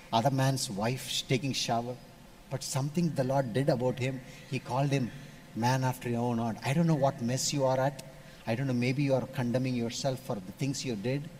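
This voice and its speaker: A man from India, preaching a sermon and telling stories, switching between loud emphasis and hushed asides. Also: medium pitch. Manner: storytelling, animated shifts between loud and hushed.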